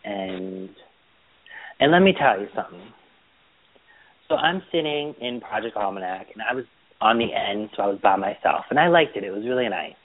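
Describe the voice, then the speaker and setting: A man chatting casually as a podcast co-host, telling animated stories about his weekend. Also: fairly low pitch, normal speed, pauses often. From Boston area. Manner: chatty storyteller, animated retellings. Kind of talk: casual chat. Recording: tinny phone-line audio.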